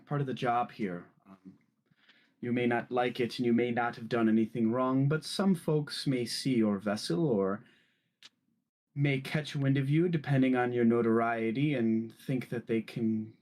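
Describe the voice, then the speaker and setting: A man voicing a proud, formal male corporate official who speaks slowly and politely in a tabletop game. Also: medium pitch, darkish tone, natural voice.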